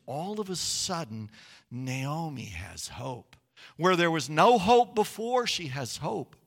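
Gravelly-voiced preacher, hushed to booming. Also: male voice, very animated, takes it slowly, big-room sound. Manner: storytelling, swings from hushed to loud and emphatic. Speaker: pastor. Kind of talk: sermon.

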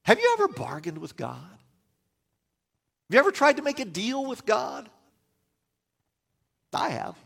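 A man's voice: very high-pitched, wildly swooping pitch, slow pace, creaky, long pauses, a bit bright, breathy edge. A man preaching a sermon as a pastor, earnest and emphatic, with wry self-deprecating asides.

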